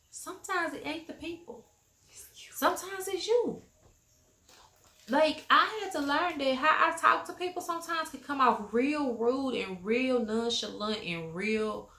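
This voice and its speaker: A woman's voice: medium pitch, bright, forceful tone, echoey room. A middle-aged woman with a Southern US accent chatting frankly in a family vlog, lecturing like a mother. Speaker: vlogger, mother. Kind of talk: casual family vlog chat.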